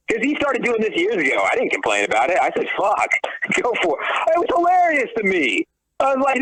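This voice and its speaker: A man's voice: high-pitched, a bit bright, rough recording. A man ranting on a talk podcast, profane and sarcastic, restarting his sentences as he goes. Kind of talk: heated podcast rant.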